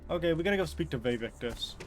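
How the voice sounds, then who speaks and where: A young man casually commenting as he plays a game live, chatty and self-mocking, reacting out loud. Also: a little high, animated, fast talker, faint music behind. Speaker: streamer.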